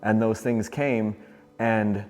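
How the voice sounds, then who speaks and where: A man's voice: lowish voice, fairly even intonation, slow pace, darkish tone, big-room sound, faint music behind. A man in his forties hosting a dirt bike vlog, talking in an earnest, rambling, heartfelt way while working in his home workshop. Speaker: dirt bike channel host. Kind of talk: casual vlog while doing an oil change.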